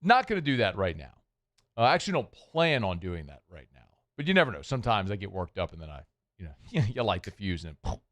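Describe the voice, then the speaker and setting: Male sports talk radio host with a low voice. Delivers a wry, conversational studio monologue and gets heated at times. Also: very animated, quick pace, fairly bright tone.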